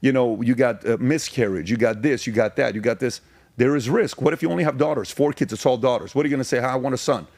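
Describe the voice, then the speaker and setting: A middle-aged man tells his life story as a guest on a podcast, emphatic and repetitive in his stress. His voice sits at an ordinary middle pitch. The sound is close and dry, with no room echo. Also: fast talker, darkish tone. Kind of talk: testimony in a podcast interview.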